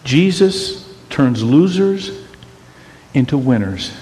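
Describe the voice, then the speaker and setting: A man preaching a sermon as pastor, conversational and teasing, swinging between loud emphatic bursts and hushed quiet lines. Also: mid-range voice, big pitch swings, slow, long reverb tail. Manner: conversational and teasing, with rhetorical questions.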